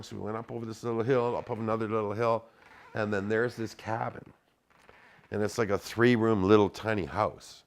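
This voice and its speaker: A man's voice: fairly low pitch, steady tone, fairly quick. A middle-aged man telling a story in casual speech, swearing often and acting out the dialogue in a raised voice.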